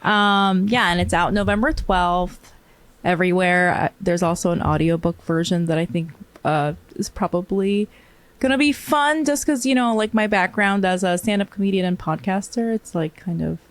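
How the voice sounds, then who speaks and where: A woman's voice: on the low side, normal speed. A woman comedian chatting as a podcast guest, loose and joking, often breaking into laughter. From Asia. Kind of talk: casual podcast chat.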